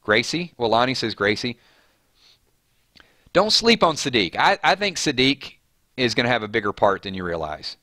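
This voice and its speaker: Man, live-stream host, casual chat, reads viewer comments, animated, middle pitch, dry close sound. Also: moderate pace, pauses often, no room sound. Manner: animated, voice jumps up on names and questions.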